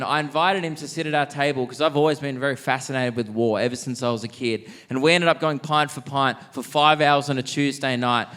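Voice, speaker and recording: A young man from Australia doing stand-up comedy, telling stories in a lively way and acting out the people in them. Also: mid-range voice. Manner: animated, acts out characters with quick voice shifts. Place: large theatre stage.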